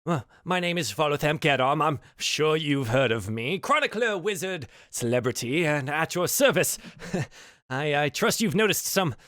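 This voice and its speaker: A man's voice: a little high, expressive, normal speed, fairly bright tone, no room sound, studio quality. A man voicing a flamboyant male wizard and chronicler who boasts and chuckles as he asks for help. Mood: grandiose. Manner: grandiose, chuckling showman.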